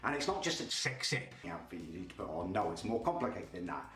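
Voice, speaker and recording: A man's voice: low voice, sing-song, fast talker, a bit bright, slightly rough. A young man ranting in a comic vlog monologue, stumbling over repeated words. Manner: ranting, stammering repetitions. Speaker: comedy video creator.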